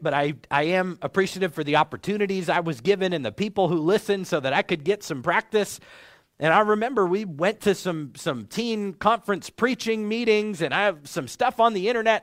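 High-voiced preacher teaching in a dry room. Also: male voice, dry recording. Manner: measured, clear teaching with lively inflection. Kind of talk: sermon.

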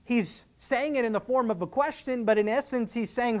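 In this expository sermon, the preacher speaks at a normal speed with hardly any pauses, his medium-pitched voice carrying a darkish tone. He's earnest and emphatic, reasoning with listeners and performing the voices of those he quotes.

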